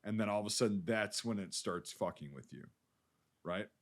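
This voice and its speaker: A man's voice: fairly low pitch, moderate pace. A man co-hosting a podcast, reviewing a war film in loose, rambling talk with casual swearing. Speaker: podcast co-host.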